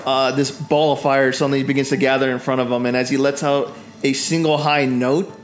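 A man's voice: medium pitch, flat delivery, a little fast, a little hiss or hum. A man running a tabletop game as dungeon master, narrating combat loosely with fillers and laughs.

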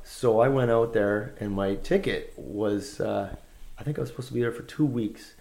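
Gravelly man telling a rambling story. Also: on the low side, normal speed, darkish tone. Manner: rambling and laid-back, with many fillers and restarts. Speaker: guest musician. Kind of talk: casual anecdote-telling in conversation.

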